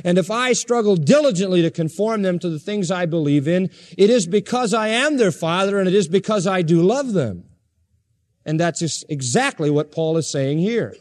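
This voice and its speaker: A man's voice: high voice, darkish tone. A man preaching an expository sermon as a pastor, emphatic and stacking his points in repeated parallel phrases.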